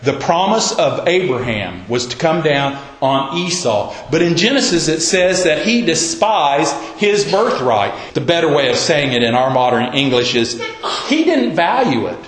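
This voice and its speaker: A man's voice: a little high, very animated, a little slow. A man preaching a sermon, telling the story in a folksy, conversational way. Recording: roomy echo.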